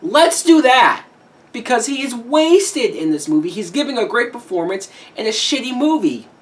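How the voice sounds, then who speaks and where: A woman reviewing a movie in a heated, profane rant, with sudden shouted peaks. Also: fairly high pitch, big pitch swings, moderate pace, far from the mic. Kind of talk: ranting film review.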